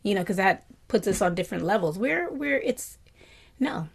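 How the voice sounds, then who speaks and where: Gentle woman giving a dharma talk. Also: mid-range voice, moderate pace, gravelly, slightly rough. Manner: gentle, reflective, often drops to a soft whisper; animated bursts of delight. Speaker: meditation teacher.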